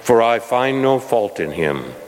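A man reading the lines of a wary, questioning Roman governor in a scripture reading, a little higher and more pointed than his narration. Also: big pitch swings, measured pace. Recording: long hall reverb.

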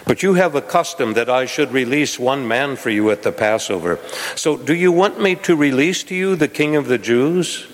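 A man reading the lines of a wary, questioning Roman governor in a scripture reading, a little higher and more pointed than his narration. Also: expressive, moderate pace, lightly acted. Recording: long hall reverb.

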